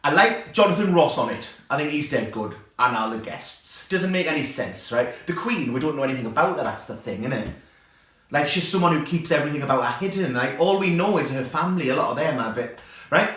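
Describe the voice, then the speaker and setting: Sweary comic in a very echoey room. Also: male voice, a little high, animated, brisk, a bit bright. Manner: ranting, sweary, conversational. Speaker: comedy show presenter. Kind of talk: stand-up comedy rant.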